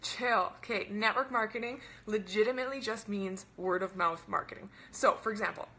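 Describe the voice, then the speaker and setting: A young woman hosting a webinar as a wellness coach, talking fast and bubbly in a casual chat full of "like" and "right?". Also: medium pitch, bright, forceful tone.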